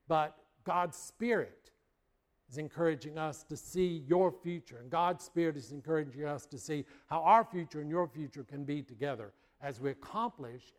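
A man preaching a sermon, earnest and unhurried, leaning on slow, emphatic phrases. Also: medium pitch. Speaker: pastor.

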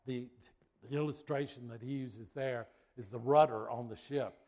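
A middle-aged male pastor giving a sermon, telling a lively personal story with suspense before drawing out his point. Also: mid-range voice, normal speed.

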